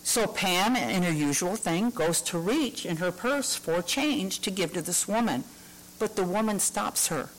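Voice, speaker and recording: A woman's voice: on the low side, lively intonation, unhurried, low-quality recording. Woman preaching in a storytelling way. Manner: storytelling, conversational, with hesitant fillers. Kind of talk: sermon.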